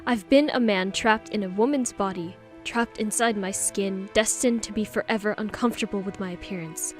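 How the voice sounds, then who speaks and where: A woman's voice: medium pitch, steady tone, moderate pace, soft background music, close to an everyday voice. A woman voicing an anguished, tearful young trans man confessing to his boyfriend in an audiobook. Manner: emotional, pleading and tearful.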